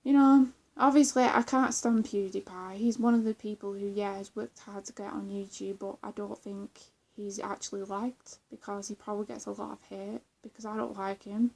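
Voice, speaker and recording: A woman's voice: mid-range voice, flat delivery, normal speed, gravelly, hardly any pauses, mellow. Rambling, giggly young woman. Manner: rambling, giggly, many fillers and restarts. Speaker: vlogger. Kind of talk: casual chat.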